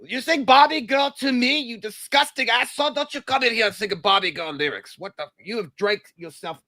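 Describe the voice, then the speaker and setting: A man voicing a furious old horror-film doctor who yells insults. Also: on the high side, very animated, normal speed, breathy edge, dry recording, heavily acted. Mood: outraged. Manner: yelling insults at a chatter.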